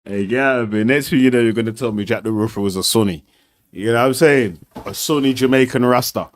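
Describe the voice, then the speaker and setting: A man, laughing and talking in street slang as he reacts to clips on a stream. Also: a little fast. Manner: slangy, laughing, mocks others in a high voice. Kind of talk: casual reaction commentary.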